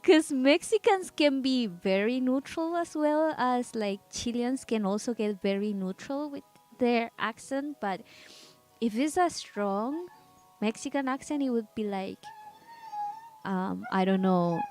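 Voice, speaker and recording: A woman whose first language is Spanish, talking with viewers as she draws on a live stream. Her voice sits high and she takes her time, wandering from thought to thought with easy giggles. Soft music plays faintly in the background. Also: animated, a little slow. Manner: rambling, chatty, giggly, restarts words. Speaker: artist streaming a drawing session. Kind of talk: casual live-stream chat.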